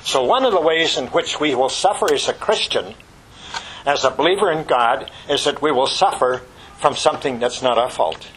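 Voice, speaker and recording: A man preaching a sermon with passion, rising to loud exclamations and dropping to hushed whispers, asking the congregation rhetorical questions. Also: medium pitch, moderate pace, slight background noise, poor audio.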